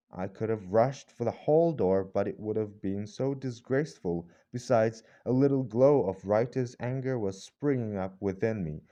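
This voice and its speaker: Man with a dark, mellow reading voice. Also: on the low side, normal speed, few pauses, highs cut off. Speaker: audiobook narrator. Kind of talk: scripted narration.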